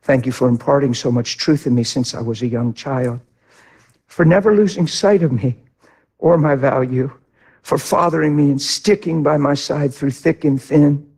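A middle-aged man preaching a sermon with impassioned delivery, swinging from hushed to loud. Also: medium pitch, steady tone, moderate pace, creaky, husky. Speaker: pastor.

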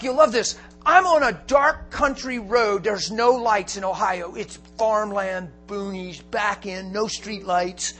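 A man preaching a storytelling sermon, animated and often laughing, breaking into shouts for emphasis. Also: high voice.

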